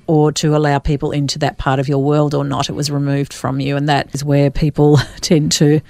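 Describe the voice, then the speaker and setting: Woman host, very low voice, dry close sound, affirming and reflective. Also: level tone, fairly quick, vocal fry, mellow, no room sound. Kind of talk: interview.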